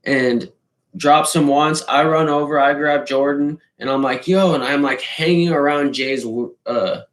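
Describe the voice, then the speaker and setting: A man telling a wild party story in a casual, profane, animated way, swearing freely and acting out the hits with sound effects. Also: fairly high pitch, unhurried. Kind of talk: casual anecdote. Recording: roomy echo.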